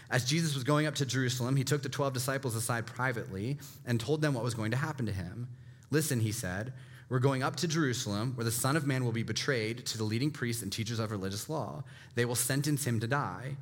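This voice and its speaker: A pastor in his thirties delivers a sermon in a relaxed, conversational way, often checking in with his listeners. On key points he drops his voice low and quiet.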